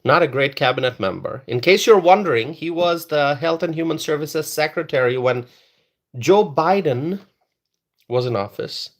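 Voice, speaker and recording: A man's voice: on the high side, animated, normal speed. A man hosting a live political stream, talking straight to his chat viewers and repeating phrases for emphasis. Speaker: political livestream host.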